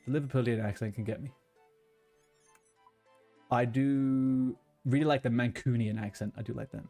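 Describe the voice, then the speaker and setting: A man's voice: medium pitch, fairly even intonation, moderate pace, mellow, faint music behind. Ranting streamer guy. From London, England. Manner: chatty, ranting, swears freely. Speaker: livestreamer. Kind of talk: casual chat with viewers. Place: home room with a blue wall.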